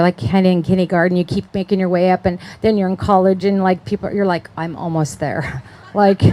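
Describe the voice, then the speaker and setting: A woman's voice: medium pitch, darkish tone. Middle-aged woman, conference speaker, conversational sermon, chatty, keeps checking in with the crowd.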